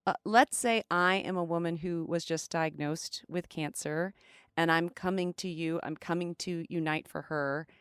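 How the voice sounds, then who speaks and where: Polished woman interviewer, smooth and crisp. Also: fairly low pitch, steady tone, normal speed, fairly bright tone, dry recording, studio quality. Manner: polished, friendly questioning. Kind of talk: scripted intro and interview questions.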